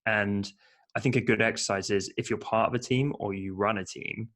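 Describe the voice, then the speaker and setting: Lower-voiced man, chatty co-host. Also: fairly even intonation, brisk, a bit bright. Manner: chatty, playful, practical. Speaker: podcast co-host. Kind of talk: casual business podcast chat.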